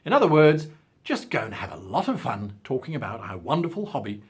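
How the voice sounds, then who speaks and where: A man's voice: mid-range voice, husky. A South African man with a careful British-style diction, hosting a talking-head advice video in a theatrical, emphatic way. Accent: South African English, with crisp British-style diction. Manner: theatrical, lively delivery with drawn-out emphasis. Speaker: channel host.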